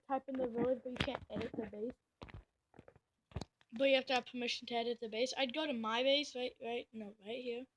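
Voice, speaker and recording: A woman giving excitable, rambling gameplay commentary, full of slang and fillers. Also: high-pitched, noisy background. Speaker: gameplay video host.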